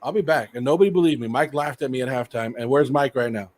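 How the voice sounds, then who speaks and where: A middle-aged American man hosting a casual livestream, rambling excitedly and sounding a bit sick and hoarse. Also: mid-range voice, fast. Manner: excited, rambling, laughs often. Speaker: host.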